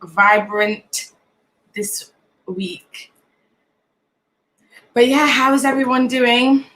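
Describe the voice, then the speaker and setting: Speaking extremely slowly, this livestream host has a higher, fairly bright voice, captured in poor audio. She's a Nottingham woman in her late twenties with the local accent, and she chats casually, laughs often, and says hello to viewers by name.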